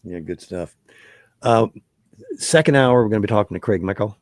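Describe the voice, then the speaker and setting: A low-pitched man hosting a talk show in a dry, close-miked sound. He chats casually and haltingly, repeating himself and filling pauses. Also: animated, no echo. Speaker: radio show host.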